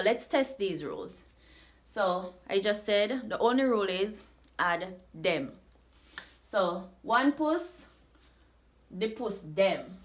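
A woman with a Jamaican accent teaching a language lesson, saying words slowly and repeating them for practice. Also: medium pitch. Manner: slow, repeats words for drilling.

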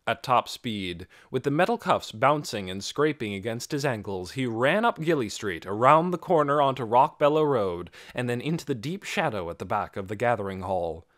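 Reading scripted audiobook narration, a man tells the story expressively at a moderate pace, barely pausing. His pitch is medium, and the audio is studio quality with no room sound.

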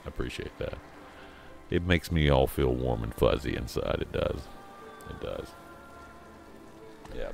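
A man chatting casually on a live game stream, rambling and halting as he thanks his viewers. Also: very deep voice, lively intonation, creaky, darkish tone, faint music behind.

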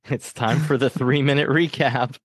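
A man's voice: medium pitch, fairly even intonation, takes it slowly, husky, no room sound, studio quality. A man hosting a podcast in casual chat, friendly and joking with his co-host.

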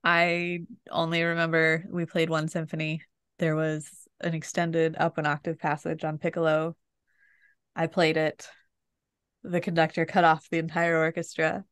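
Podcast co-host: middle-aged woman, low-ish voice, wry and self-mocking, dry booth sound. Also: completely flat delivery, moderate pace, fairly bright tone, clear, resonant tone, dry recording. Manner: wry storyteller, self-deprecating. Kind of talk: casual chat.

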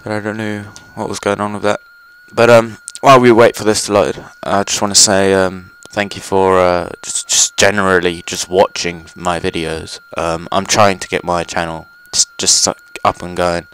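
A man's voice: low voice, level tone, normal speed, few pauses, a bit bright, smooth. A young man chatting casually as he plays a game, rambling with fillers and swearing at enemies. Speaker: gaming channel host. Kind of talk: casual let's play commentary. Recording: noisy home recording.

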